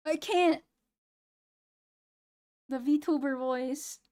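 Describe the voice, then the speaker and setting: A young woman with a fairly high voice chats casually to her stream in a hoarse, flat, near-monotone way. Her delivery stays low in energy and sounds close to tears. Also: drawn-out words. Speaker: VTuber streamer. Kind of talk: casual late-night stream chat.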